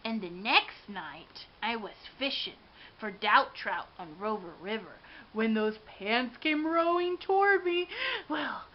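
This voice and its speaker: A woman giving an expressive, dramatic read-aloud of a children's storybook. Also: fairly high pitch, slow. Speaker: storybook reader. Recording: dull lo-fi with faint hiss.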